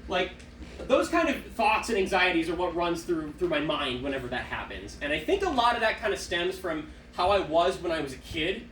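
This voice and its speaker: A man's voice: high-pitched, moderate pace, roomy sound, far from the mic, slight background noise, rough recording. A young man performing a self-deprecating stand-up comedy set on a small theater stage. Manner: animated, self-deprecating storytelling.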